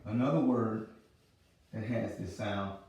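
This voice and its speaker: A man's voice: on the low side, darkish tone, a little hiss or hum. Male teacher, patient and repetitive, recorded far from the mic in a very echoey room. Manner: repeats pronunciations slowly and patiently. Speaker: religious language teacher. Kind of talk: teaching a lesson. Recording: roomy sound from a distant mic.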